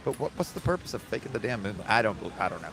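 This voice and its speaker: A man's voice: on the low side, sing-song, very fast, noisy background. A man hosting a casual podcast chat, rambling through questions and jokes. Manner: rambling, tells jokes with put-on voices. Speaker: podcast host asking questions.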